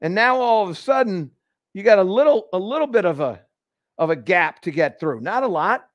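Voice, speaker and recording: A man hosting a live golf lesson, explaining each move step by step with energetic restarts in an indoor golf studio. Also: sits high, normal speed, no room sound. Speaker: golf instructor and show host. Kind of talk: live instructional demonstration.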